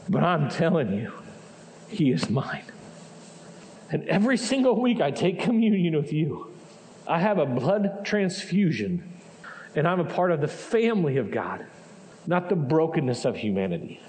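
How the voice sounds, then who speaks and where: A man with a high, light voice preaches to his congregation. He talks to them like friends, asks one question after another, and lets his feeling show as he drives each point home. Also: darkish tone. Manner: impassioned, conversational preaching with rhetorical questions. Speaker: pastor. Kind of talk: sermon. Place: church sanctuary.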